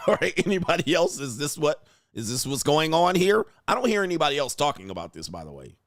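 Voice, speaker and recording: A man's voice: on the high side, very animated, fairly quick, a bit bright, dry recording, studio quality. A man hosting a reaction commentary, talking in a blunt, mocking and exclaiming way. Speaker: host.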